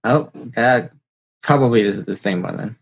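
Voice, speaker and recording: A man's voice: fairly low pitch, moderate pace, creaky. A man hosting a podcast, telling a story in casual chat and acting out the quotes. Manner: animated storyteller, acts out quotes. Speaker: podcast host.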